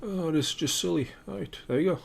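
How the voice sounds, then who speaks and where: Quick and fairly high-pitched, this man's voice is creaky with a darkish tone, heard over soft background music. Streaming casually from home, he murmurs to himself while working and drops sarcastic, deadpan remarks.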